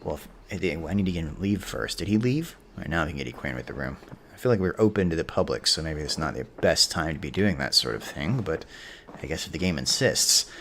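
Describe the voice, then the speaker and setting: A man's voice: a bass voice, expressive, brisk, fairly bright tone, a little hiss or hum. Chatty, joking male game streamer. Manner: joking, chatty, history-buff asides. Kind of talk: gameplay commentary.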